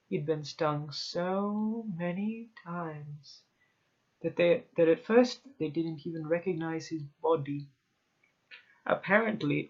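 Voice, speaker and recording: Man reading a horror story, lo-fi. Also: a little high. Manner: dramatic first-person narration, hushed at tense moments. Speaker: story reader. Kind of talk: horror story read aloud.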